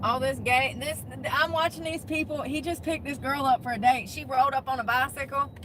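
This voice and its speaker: A woman livestreaming from her parked truck on her phone, talking in a chatty, animated way with lots of laughs and a slangy drawl. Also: high voice, brisk, background noise. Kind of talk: casual livestream chat.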